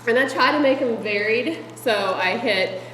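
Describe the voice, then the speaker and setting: A middle-aged woman presenting meeting ideas to fellow directors, chatty and animated and laughing often. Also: a little high, moderate pace, a little hiss or hum. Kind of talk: casual presentation to a group. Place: meeting room with an audience. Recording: echoey room from a distant mic, audience audible.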